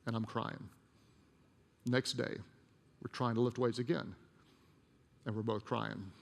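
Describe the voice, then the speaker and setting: Male pastor, sermon delivery, gravelly texture, hushed storytelling lows, long church-hall reverb. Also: fairly even intonation, takes it slowly, a little hiss or hum. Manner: storytelling, drops to a hushed voice for emotional moments. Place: church auditorium.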